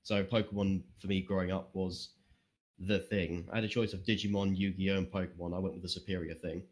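A man's voice: sits low, flat delivery, a little fast, darkish tone. A young man chatting as a podcast guest, rambling and swearing freely, with self-deprecating jokes. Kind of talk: casual interview chat.

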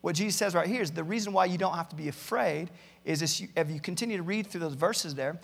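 A man's voice: on the high side, fast talker, gravelly, husky, in a large hall. A male pastor preaching a sermon, earnestly reading out many Bible verses and often repeating words as he starts a thought. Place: church campus, large hall.

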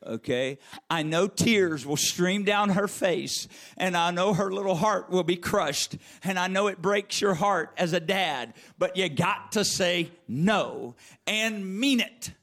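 A man's voice: high voice, takes it slowly, a bit bright. A male pastor preaching a sermon, emphatic and repetitive, calling on listeners by name. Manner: emphatic, repeats phrases, calls on listeners by name.

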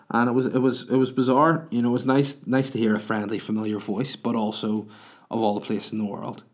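A man's voice: medium pitch, level tone, a little fast. A man in his thirties, a podcast host, telling a rambling, crude, self-mocking story in casual monologue.

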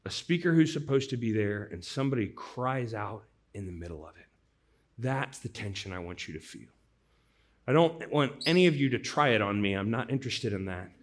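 A man from the US Midwest, a pastor, preaching an earnest sermon and telling stories conversationally. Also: lowish voice. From St. Louis, US Midwest. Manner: earnest, conversational storyteller, swinging from loud to hushed.

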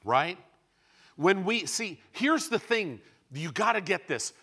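A man preaching a sermon to a congregation, moving between loud, emphatic bursts and quiet, measured asides. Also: high-pitched, big pitch swings, gravelly, breathy edge.

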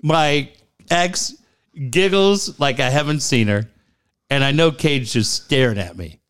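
Animated man telling a family story. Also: medium pitch, unhurried, clear, resonant tone. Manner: animated, laughs often, repeats "I go". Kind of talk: casual storytelling chat.

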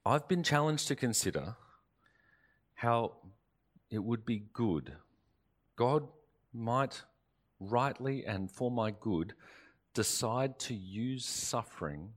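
A man preaching a sermon as pastor, earnest and emphatic, rising in force and then dropping to soft, slow phrases. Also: lowish voice. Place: church or studio, recorded for online service.

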